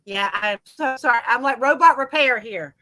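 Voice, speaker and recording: A woman's voice: fairly high pitch, moderate pace, bright, forceful tone, poor audio. A woman co-hosting a live stream, sounding apologetic and flustered, her voice breaking up into glitchy robotic internet audio. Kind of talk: casual live stream chat.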